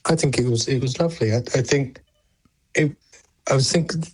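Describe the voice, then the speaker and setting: Wry, hesitant caller with a husky voice. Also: male voice, mid-range voice, a little fast. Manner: hesitant, wry, self-deprecating.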